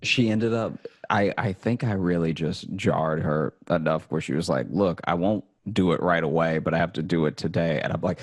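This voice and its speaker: A man telling a comic story in casual chat, acting out the people in it and breaking into laughter. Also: moderate pace. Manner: animated storytelling, acts out quotes with rising pitch and laughter.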